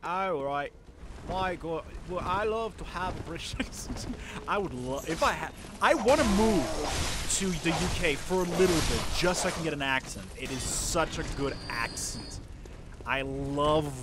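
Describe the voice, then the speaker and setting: A man's voice: a little high, lively intonation, unhurried. A young man streaming a video game, with rambling, self-deprecating live commentary. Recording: noisy stream mic.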